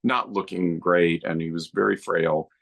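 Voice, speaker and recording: A man's voice: sits low, steady tone, moderate pace, gravelly, fairly bright tone. A middle-aged man, a guest filmmaker on a podcast, reminiscing in an earnest, heartfelt way. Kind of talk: podcast interview.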